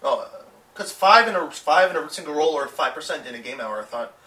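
Fast-talking male player on a call. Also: a little high, lively intonation, bright, forceful tone. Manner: rapid, self-deprecating, restarts often. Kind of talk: casual chat at the game table. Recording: echoey call audio from far off, noisy.

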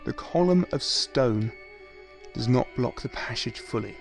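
A man narrating as game master of a tabletop game, dry and deadpan with curt answers. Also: mid-range voice, a little slow, vocal fry, soft background music.

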